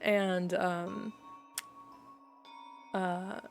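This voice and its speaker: A woman's voice: fairly low pitch, little pitch movement, drawn-out words, creaky, faint music behind. A woman streamer chatting casually, rambling and giggling with plenty of fillers.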